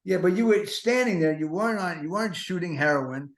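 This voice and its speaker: A man's voice: sits high, expressive, a little fast. An older man in his seventies hosting a podcast, rambling through comic stories full of self-mocking, neurotic asides. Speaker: podcast host. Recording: roomy echo.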